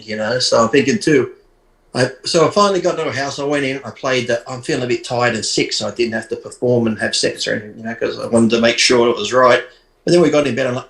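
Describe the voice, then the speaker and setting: A man tells a raw, swear-laden story as a podcast guest, and he is blunt and unfiltered. His pitch sits in an everyday middle range. The sound is noticeably roomy, with studio echo around him. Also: fast, a bit bright. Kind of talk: crude anecdotal storytelling.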